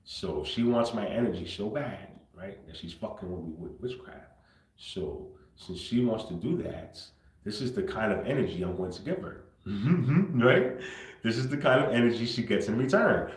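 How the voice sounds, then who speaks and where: A man hosting a livestream, talking unscripted and confrontationally, swinging between low muttering and loud outbursts. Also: lively intonation, normal speed, reverberant, rough recording. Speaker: livestream host.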